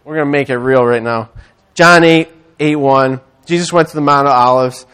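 A man preaching a sermon, animated and conversational, swinging from loud rallying calls to quiet storytelling. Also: mid-range voice, normal speed, clear, resonant tone. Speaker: church speaker.

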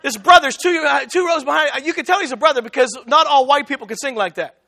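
A man's voice: very high voice, fast, creaky. A man preaching a sermon, telling a story and acting out both sides of the conversation. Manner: animated, acts out both sides of a dialogue.

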